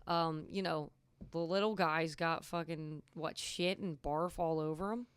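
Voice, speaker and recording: A woman's voice: sits low, measured pace, clean tone, no echo. A young woman co-hosting a podcast, telling stories in casual chat, swearing freely and acting out the people she quotes. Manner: animated storyteller, swears freely, acts out quotes. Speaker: podcast co-host.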